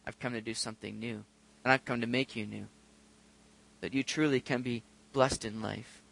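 A man's voice: mid-range voice, fairly even intonation, normal speed, gravelly, a bit bright. A man preaching a sermon in a conversational way, building to emphatic, rising peaks. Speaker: pastor.

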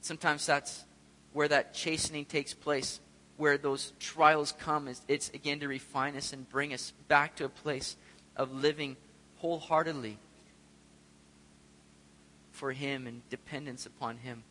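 A man's voice: a little high, little pitch movement, measured pace, long pauses, sharp tone. A man preaching a sermon as pastor, talking conversationally and asking the congregation rhetorical questions. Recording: long hall reverb.

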